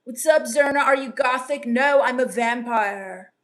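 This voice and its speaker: Hunter Darkside, a woman doing a high-voiced sullen goth vampire. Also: measured pace, natural voice. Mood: deadpan scornful. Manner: deadpan, sarcastic, dismissive put-downs. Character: sullen goth teen vampire, scornful, hates everyone. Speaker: live streamer reading chat. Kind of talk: improvised character live stream comedy.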